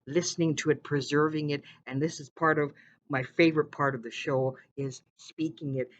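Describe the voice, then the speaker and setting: A podcast host from Manitoba, speaking earnestly in casual commentary, with frequent pauses and "uh"s. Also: mid-range voice, fairly bright tone, highs cut off, slight background noise. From Manitoba, Canada. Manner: earnest, halting, with frequent "uh" and "again".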